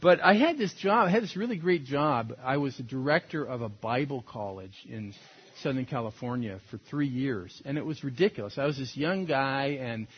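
A man's voice: mid-range voice, expressive, moderate pace, breathy edge, lo-fi sound. A man preaching a sermon as a pastor, in a conversational, storytelling way that laughs at its own points.

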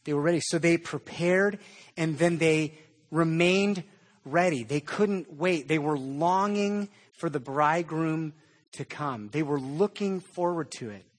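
A man preaching a sermon in a conversational way, with animated storytelling. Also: a little high, slow pace. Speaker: pastor.

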